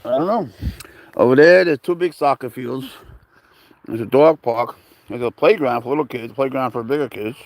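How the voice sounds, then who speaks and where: A livestream host speaks at medium pitch and normal speed with no echo, rambling casually from an outdoor park. Holding his phone, he greets viewers and talks to his cat.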